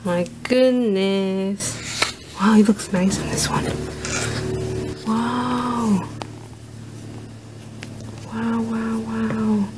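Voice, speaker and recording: A woman vlogger narrating an unboxing, gushing with awed exclamations and soft asides. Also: on the high side, steady tone, extremely slow, long pauses, background noise.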